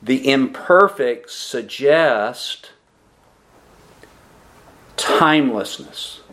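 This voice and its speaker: A man delivers an expository sermon at an unhurried, measured pace. His voice sits in a middle register, and he leans on key words with emphatic pauses. He poses questions to the congregation and answers them himself. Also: medium pitch, lively intonation, a bit bright, a little hiss or hum. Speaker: pastor.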